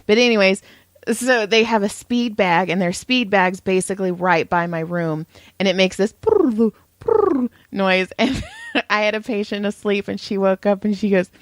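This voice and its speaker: A woman's voice: medium pitch, lively intonation, a little slow, no room sound, studio quality. A woman co-hosting a podcast, telling stories in a casual chat, laughing often and acting out quotes. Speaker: podcast co-host.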